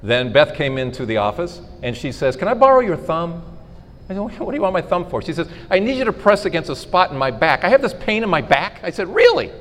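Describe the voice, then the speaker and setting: Lively middle-aged man telling faith stories. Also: fairly high pitch, a little fast. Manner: storytelling, animated, acts out dialogue. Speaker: podcast host giving a faith talk. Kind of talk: inspirational talk to a live audience. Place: school hall. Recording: reverberant hall.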